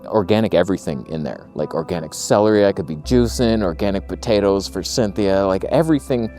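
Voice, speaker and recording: Walking outdoors through a small town, a man vlogs casually, rambling through wry, jokey stories. His low voice is warm and brisk, with soft music playing in the background.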